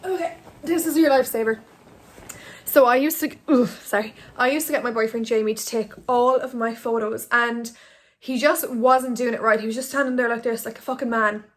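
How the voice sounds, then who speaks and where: Chatty young woman, flat bright voice. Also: a little high, brisk. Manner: chatty, rambling, filler-heavy. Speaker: Instagram blogger. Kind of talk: casual talking-head vlog. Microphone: phone on ring light.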